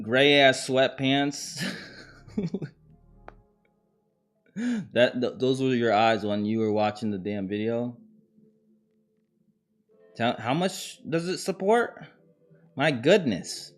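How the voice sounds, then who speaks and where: A man hosts a live stream and reacts to viewer clips with easy, slangy jokes. He talks at a slow, drawn-out pace. Soft music plays under his voice. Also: medium pitch. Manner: uses slang and swearing. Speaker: podcast host. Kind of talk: casual live-stream commentary.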